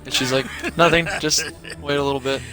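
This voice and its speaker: A man's voice: medium pitch, fairly even intonation, brisk, over music, low-quality recording. A man streaming live, telling a casual, profane story full of quoted back-and-forth.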